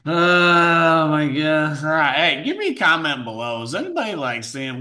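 A man's voice: fairly high pitch, very animated, moderate pace, few pauses, pushed and bright. A man reacting to a video with sarcastic, incredulous commentary. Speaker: commentary host.

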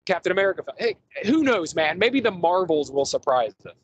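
A man's voice: sits high, very animated, brisk, muffled recording, slight background noise. A man hosting a casual podcast movie review, rambling enthusiastically with lots of fillers and restarts. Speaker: podcast host.

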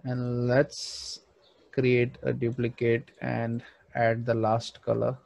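A man's voice: mid-range voice, monotone, takes it slowly, gravelly, darkish tone. A man thinking aloud with frequent fillers as he narrates a screen-recorded design tutorial. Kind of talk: screen-recorded software walkthrough.

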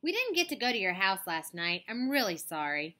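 A woman puts on a bold, curious little doll girl for a storybook. She talks eagerly and confidingly. The voice is bright and swings widely in pitch. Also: sing-song, brisk.

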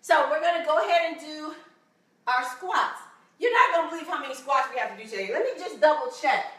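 A woman fitness instructor coaches a home workout with a bright, high voice, counting reps and cheering viewers on. She breathes hard at times, and her voice rings in an echoey room, picked up from well away from the mic. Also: lively intonation, fairly quick, far from the mic. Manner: encouraging, counting reps aloud.

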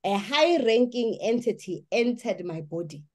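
A woman's voice: fairly high pitch, expressive, measured pace, a little mellow. A woman giving an earnest personal testimony, speaking emphatically and often restarting her sentences.

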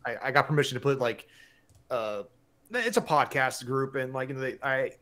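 A middle-aged man hosting a casual live-stream chat, rambling and excitable, with many restarts and some swearing. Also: mid-range voice, normal speed.

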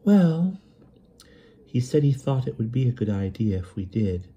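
A man's voice: medium pitch, sing-song, a little slow, dark tone, slightly rough, voice pushed up, exaggerated voice. A man voicing a shy, dreamy young woman who talks hesitantly and stammers. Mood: timid.

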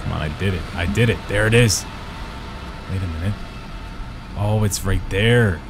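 A young man giving excitable let's-play commentary, swearing and yelling at the game as he plays. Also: deep voice, moderate pace, background noise. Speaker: gaming YouTuber. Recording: game music playing behind.

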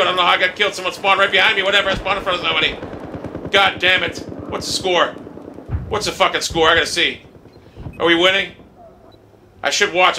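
A man giving profane, excitable commentary while playing a shooter game, often yelling in frustration. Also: high-pitched, noisy background. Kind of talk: live gameplay commentary. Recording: game music and gunfire behind.

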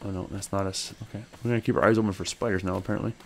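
A man's voice: racing, gravelly, a little hiss or hum. Chatty man doing let's play commentary. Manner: chatty, thinks aloud and talks to his character; bursts into excited high exclamations. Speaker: gaming channel host.

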